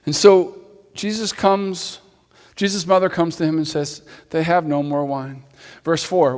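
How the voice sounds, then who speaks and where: A man's voice: on the high side, fairly even intonation, measured pace. A man preaching a sermon as pastor, talking in a conversational way with playful asides to the congregation. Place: church sanctuary. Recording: long hall reverb.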